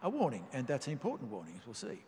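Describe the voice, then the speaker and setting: Emphatic preacher in an echoing hall. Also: male voice, mid-range voice, huge pitch swings, a little mellow, a little hiss or hum. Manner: measured, emphatic reading of scripture. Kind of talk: sermon. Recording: long reverb of a large hall.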